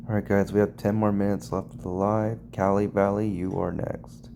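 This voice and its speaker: A low, gravelly man hosts a live call-in podcast, brisk and laid-back with callers. Faint hiss sits under his voice. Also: little pitch movement, warm tone. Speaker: podcast host.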